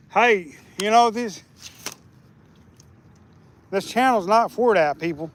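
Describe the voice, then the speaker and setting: High-voiced rambling man streaming outdoors. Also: slow pace, long pauses. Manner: easygoing, rambling, restarts often. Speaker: fishing live streamer. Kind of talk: casual live stream chat. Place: outdoors by a lake.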